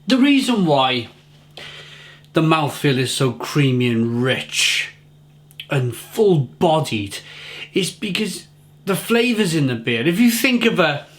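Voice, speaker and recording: A man's voice: a little high, big pitch swings, slow. A middle-aged man giving a casual, enthusiastic beer tasting review, often repeating and restarting his words.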